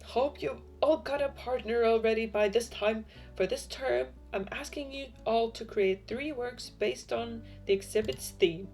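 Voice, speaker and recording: A woman voicing a pompous male art lecturer with a put-on accent and a grand, booming delivery. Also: animated, normal speed, faint music behind. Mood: lecturing.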